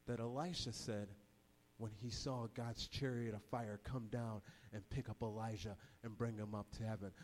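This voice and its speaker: A man preaching a sermon, retelling the story in a casual, energetic voice full of slang. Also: mid-range voice, big-room sound.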